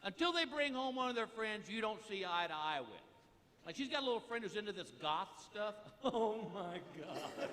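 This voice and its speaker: Exasperated middle-aged comedian, high yelps. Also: male voice, sing-song, normal speed, slight background noise. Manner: exasperated storytelling with high yelping outbursts. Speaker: stand-up comedian. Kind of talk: live stand-up routine. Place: large theater stage before a live audience. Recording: echoey hall, loud audience laughter. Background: loud crowd laughter and applause.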